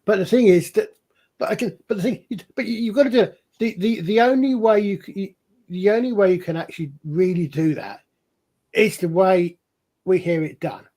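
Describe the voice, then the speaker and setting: Guy on a chat podcast, bit high voice, rambles on explaining stuff. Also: moderate pace, dark tone. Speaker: podcast co-host. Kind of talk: casual chat.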